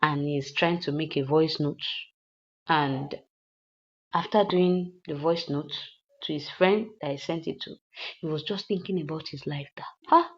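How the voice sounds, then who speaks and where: A woman's voice: deep voice, measured pace, slightly rough, muffled recording. A woman, chatting through a film recap and adding moral asides. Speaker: movie reviewer. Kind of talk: casual film recap and commentary.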